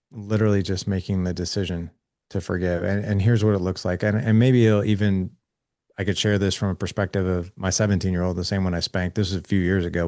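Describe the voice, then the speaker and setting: A man's voice: low-pitched, darkish tone, no echo, studio quality. A man in his forties, a podcast guest, earnestly recounting a talk with his son and acting out both sides of the conversation. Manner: earnest, acts out quoted dialogue with his son. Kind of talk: candid conversational storytelling.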